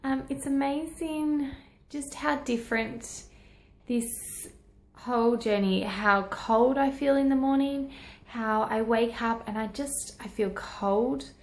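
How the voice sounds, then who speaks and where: A woman with a fairly high voice talks slowly, and the sound is roomy. Holding a phone at arm's length for a personal selfie video, she speaks earnestly, rambling and encouraging both herself and her audience.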